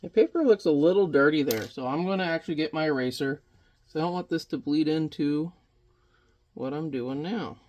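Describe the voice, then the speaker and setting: While painting at home, a man in his thirties rambles, jokes, and swears mildly in casual chat. His voice sits on the high side, a little mellow, and his pace is brisk.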